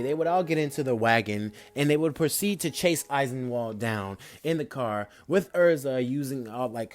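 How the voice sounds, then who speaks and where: A young man improvising a fan-fiction story in a rambling, casual way, full of fillers and self-corrections. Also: mid-range voice.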